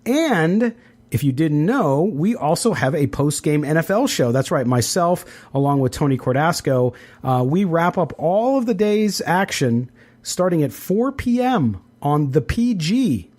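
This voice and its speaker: On the high side and a touch mellow, the middle-aged sports podcast host sounds very animated. He zips through sponsor spots and chats casually, dropping in fillers often.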